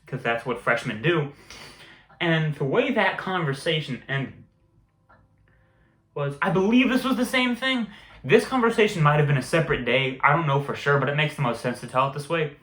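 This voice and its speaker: A man's voice: medium pitch, brisk, fairly bright tone. A young man casually telling school stories, rambling and swearing, laughing at his own tales. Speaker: vlogger. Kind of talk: casual storytelling. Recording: echoey room with faint music.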